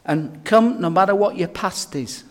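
A man's voice: high-pitched, moderate pace. A man preaching a sermon, telling stories and speaking straight to his listeners. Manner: storytelling, direct address to the audience. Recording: long hall reverb.

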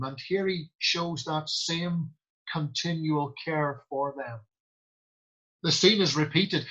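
A man preaching a sermon, quoting scripture slowly and deliberately with emphatic pauses. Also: a little high, bright, forceful tone, slightly rough, dull audio.

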